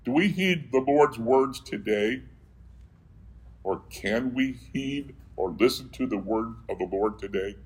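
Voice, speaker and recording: A man's voice: medium pitch, animated, measured pace, rough recording. A man preaching a sermon who reads scripture aloud and keeps asking his listeners questions, then answering them himself.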